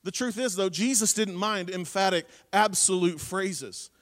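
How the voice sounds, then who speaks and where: Preaching man, high voice, echoing hall. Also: measured pace. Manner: emphatic, swings between loud preaching and quiet intensity. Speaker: pastor. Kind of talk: sermon.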